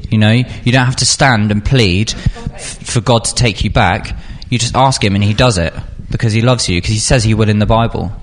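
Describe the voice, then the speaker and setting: A man's voice: on the low side, normal speed, hardly any pauses. A young man giving an informal sermon to a youth group, chatty and full of fillers, jumping into acted-out scenes. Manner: chatty, filler-heavy, animated when acting out scenes. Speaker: youth speaker.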